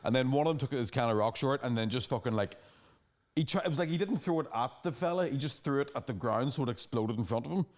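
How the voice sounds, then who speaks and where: A young adult man, co-hosting a casual comedy podcast and telling animated stories. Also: medium pitch, fast talker. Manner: animated storyteller, mimics angry locals with shouted swearing. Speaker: podcast co-host.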